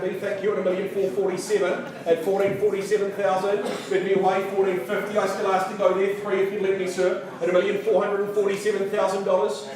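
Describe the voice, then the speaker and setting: A man calling a live auction indoors, rattling off bids and teasing the bidders with playful asides. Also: high voice. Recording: very echoey room, voice from a distance.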